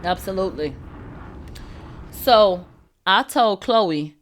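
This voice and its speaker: A woman hosting a celebrity gossip livestream. She talks in a brash, profane way, laughs, answers her chat, and swings from low asides to loud outbursts. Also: expressive, normal speed. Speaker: host of a celebrity gossip show. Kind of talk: livestream entertainment gossip commentary.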